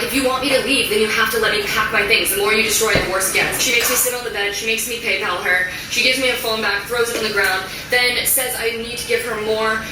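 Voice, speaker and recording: A young American woman upsetly recounting events in a rapid, shaken way. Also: mid-range voice. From United States. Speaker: vlogger. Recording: distant echoey recording with noise.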